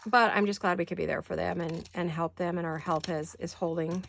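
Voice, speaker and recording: An older woman who is hoarse today, chatting casually while she crafts in her home studio and thinking aloud in wandering asides. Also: on the low side, fairly even intonation, a little fast, slight background noise. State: hoarse, deep voice. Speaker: craft vlogger.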